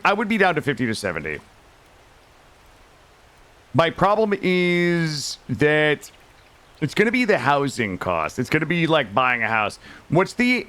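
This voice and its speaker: Playing on stream, a man from Vermont, USA, talks casually with his chat, cracking jokes and swearing without restraint. He has a fairly high, bright voice with a forceful tone.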